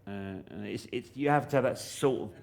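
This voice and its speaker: A man's voice: medium pitch, a little fast, vocal fry, a little mellow. A man, a comedian guest telling jokey anecdotes in a live on-stage chat, acting out other people's lines. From London. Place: live comedy venue with an audience.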